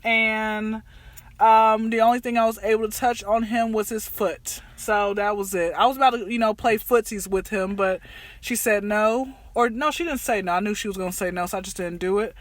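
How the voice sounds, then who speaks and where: A woman in her twenties hosting a casual chat show, telling animated stories and acting out family dialogue. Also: mid-range voice, moderate pace, dry recording. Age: 20s. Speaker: podcast host.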